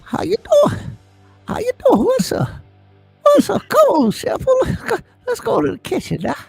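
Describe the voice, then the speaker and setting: A man's voice: very high voice, huge pitch swings, moderate pace, gravelly, no echo, soft background music, voice pushed up, full character voice. A man putting on a sweet, sing-song lady's voice, cooing at his dog to come to the kitchen for a treat. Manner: cooing, sing-song baby talk to a pet. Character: sweet high-voiced lady coaxing a dog. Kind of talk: comic voice impression on a livestream.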